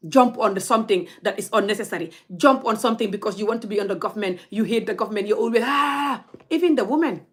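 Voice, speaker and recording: A woman's voice: medium pitch, fast, hardly any pauses, breathy edge. A young woman, scolding her audience in a blunt, heated rant straight to camera. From Gambia. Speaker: vlogger.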